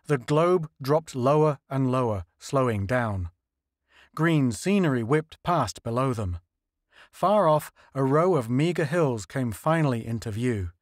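Measured male audiobook narrator. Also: mid-range voice, expressive, dry recording, clean studio sound. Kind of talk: scripted narration.

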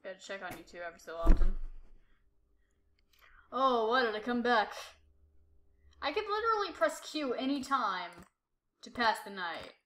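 A woman's voice: on the high side, very animated, normal speed, pauses often, sharp tone, reverberant, slight background noise. A woman giving jumpy commentary while playing a horror game, talking to herself and repeating short exclamations. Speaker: gameplay streamer.

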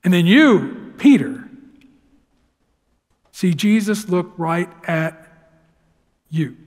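A man preaching a sermon as pastor, telling the story dramatically and swinging from loud to hushed. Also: high voice, expressive, very slow. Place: church sanctuary. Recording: long hall reverb.

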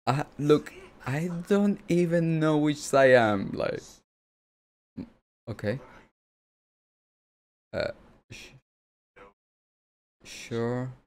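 Excitable man reacting to anime. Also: medium pitch. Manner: excitable, rambling, breaks into laughs and exclamations. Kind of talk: casual reaction commentary.

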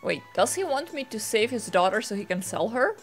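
A woman chats casually and jokes while she plays a game on stream. Her voice sits a little high, with faint game music underneath. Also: big pitch swings, fairly quick. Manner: casual, joking. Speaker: streamer playing a video game. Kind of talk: let's-play commentary.

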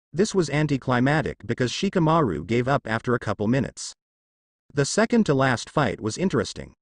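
A man narrating a fan fiction story in a steady storytelling way. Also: mid-range voice, no echo, studio quality.

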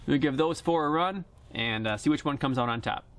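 At an outdoor range, a plain-spoken airgun reviewer chats and jokes through a casual product review vlog. His medium-pitched, brisk voice is picked up by a camera-mounted shotgun mic, with noise in the background.

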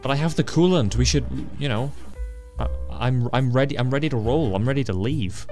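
A man giving excitable let's-play commentary, stammering, swearing and laughing often. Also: medium pitch, brisk, faint music behind. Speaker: gaming channel host.

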